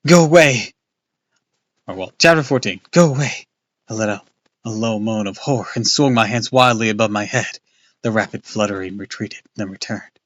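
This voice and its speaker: A man's voice: fairly low pitch, brisk, fairly bright tone, no echo. A man casually reading a book aloud on a live stream, loose and off-hand, with crude asides.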